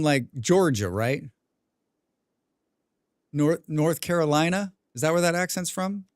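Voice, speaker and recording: A young man streaming a game, chatting casually with his viewers, rambling and clearing his throat often. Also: medium pitch, no echo, clean studio sound. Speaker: gaming livestreamer. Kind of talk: casual livestream chat while playing.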